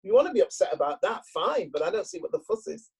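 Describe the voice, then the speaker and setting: A woman's voice: fairly low pitch, very animated, quick pace, darkish tone, breathy edge, full character voice. A woman storyteller voicing an exasperated husband who insists he did nothing wrong, in an indignant, rising voice. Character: exasperated husband, baffled and defensive.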